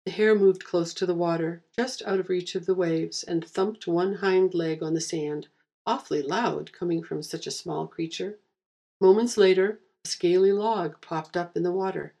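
A woman reading a fantasy story aloud with steady, wry narration. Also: on the low side, normal speed.

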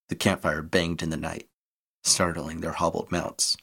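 A man reading an adventure story aloud in a steady, measured way. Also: deep voice, gravelly, husky.

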